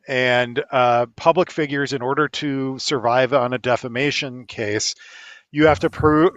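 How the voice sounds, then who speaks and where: A man giving casual, measured legal commentary on a podcast, explaining step by step with many fillers and blunt asides. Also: a little high, fairly bright tone, no echo, muffled recording.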